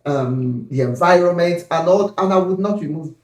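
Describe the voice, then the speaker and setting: A man's voice: fairly high pitch, normal speed, a little mellow. A man from Nigeria talking earnestly and firmly as host of a casual panel chat. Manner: earnest, firm, emphatic. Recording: echoey room.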